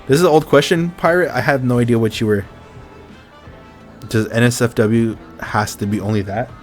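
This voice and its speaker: A man's voice: mid-range voice, moderate pace, faint music behind. A man hosting a casual podcast chat, loose and profane, laughing through his banter. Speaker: podcast host.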